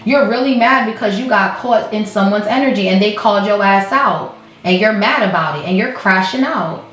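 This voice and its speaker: A woman's voice: mid-range voice, moderate pace, fairly bright tone. A woman giving a collective tarot reading, blunt and profane, laughing often as she calls out the cards. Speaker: tarot reader. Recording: roomy echo with faint music.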